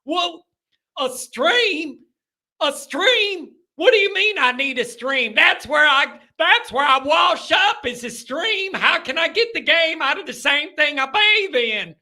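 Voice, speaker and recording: A man doing a loud, confused rural football fan with an exaggerated Southern twang. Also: sing-song, slow, heavily acted. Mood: baffled, shouting. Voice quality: high, shouty and bewildered.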